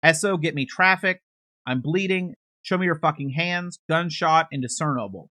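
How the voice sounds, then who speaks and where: A man's voice: a little high, moderate pace, sharp tone, no room sound. A man reading aloud the lines of a male sheriff's deputy from a court transcript, giving barked radio calls and orders. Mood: urgent.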